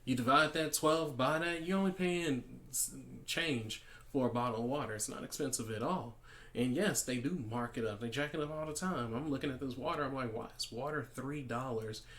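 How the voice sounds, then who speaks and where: A man's voice: medium pitch, a little fast, a bit bright. A man talking through everyday advice in a casual monologue, restarting sentences and acting out example conversations. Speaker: podcast host.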